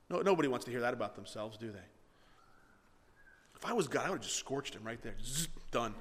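A man preaching a sermon as pastor, animated, acting out the dialogue of the story and swinging between loud and hushed delivery. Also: medium pitch, fast. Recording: long hall reverb.

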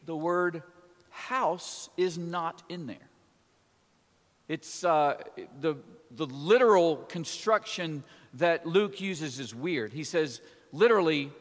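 Preacher, male, slightly high voice, chatty sermon delivery with homey asides, echoing church hall. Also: fairly bright tone. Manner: conversational, with folksy asides. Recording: long church reverb.

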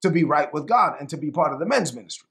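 A man's voice: a little high, animated, fast, vocal fry, a bit bright, pitched below the performer's own voice. A man voicing a pushy male churchgoer who insists on a rule in a casual, matter-of-fact way. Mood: insistent.

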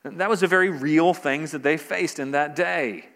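A man's voice: fairly high pitch, moderate pace, fairly bright tone, in a large hall. A man preaching a sermon, pressing each point with rising emphasis and repeated phrases. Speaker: pastor.

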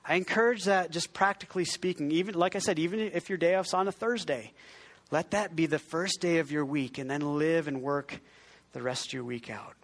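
This pastor's sermon moves briskly, his voice sitting on the high side. The tone is conversational and self-mocking, with many restarted sentences, and he prompts the congregation to repeat words.

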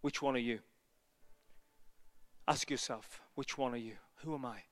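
A man preaching an evangelistic sermon, telling a story and building to loud, passionate appeals. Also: mid-range voice, fairly even intonation, measured pace, long reverb tail.

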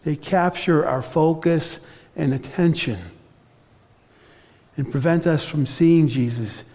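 Man preaching, slow earnest sermon, mellow raised-pitch voice, echoing hall. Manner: earnest, slows and softens on reflective passages. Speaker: pastor.

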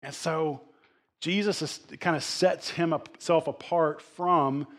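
Man, middle-aged, pastor, casual sermon, slightly high voice, halting and conversational. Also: fairly even intonation. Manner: conversational, many fillers and restarts.

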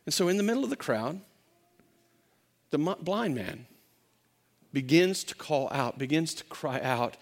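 A male pastor with a voice that sits high preaches a sermon at a brisk clip. He tells a story with energy, acting out quotes and frequently restarting his sentences.

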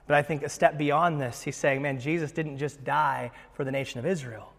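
Animated man preaching in a reverberant hall. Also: a little high, moderate pace, creaky. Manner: animated, conversational preaching with asides. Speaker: pastor. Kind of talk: sermon.

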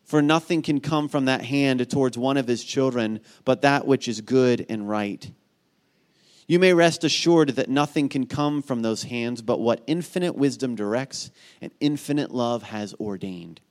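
A man preaching a sermon, telling stories with animated energy and often asking "right?" of his listeners. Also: medium pitch, unhurried. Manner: animated storytelling, rising to near shouting at climaxes; asks the congregation "right?" again and again. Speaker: pastor.

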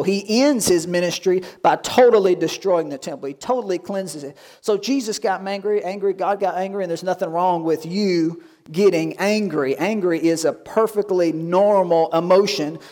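A man pastor giving a lively sermon, acting out quoted voices and asking the congregation questions. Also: sits high, normal speed. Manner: animated preaching, acts out quoted voices.

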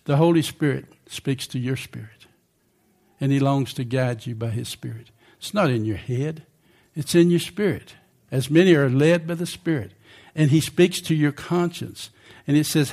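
A man's voice: on the high side, normal speed, darkish tone. An older man preaching a sermon in a conversational way, often asking the congregation questions.

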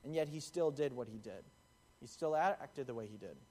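A man's voice: medium pitch, animated, brisk, a little mellow. A young man giving a casual, conversational sermon, acting out the voices in the stories he tells. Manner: conversational, acts out quotes in the parable. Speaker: preacher.

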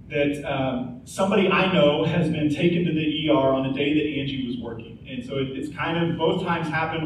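A man's voice: a little high, noisy background. A man in his forties preaching a sermon in a church, earnest and conversational, with rhetorical questions. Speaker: pastor. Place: church sanctuary. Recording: echoey hall, speaker far from mic.

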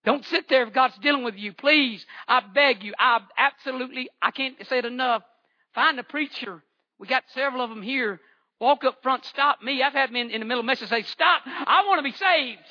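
A man's voice: very high voice, fairly even intonation, fairly quick, bright, forceful tone, highs cut off. A man, giving a fervent church testimony with repeated phrases and stammering restarts. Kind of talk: impassioned testimony sermon.

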